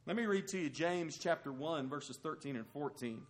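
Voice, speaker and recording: A man preaching a sermon in an emphatic way, rising loud and high and dropping low and quiet. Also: animated, normal speed.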